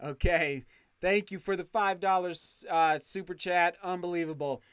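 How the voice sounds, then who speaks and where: A man's voice: sits high, steady tone, normal speed, a bit bright, smooth, dry recording, studio quality. A man hosting a casual livestream, reading viewer comments aloud and thanking them effusively, often restarting his sentences. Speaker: channel host reading live chat.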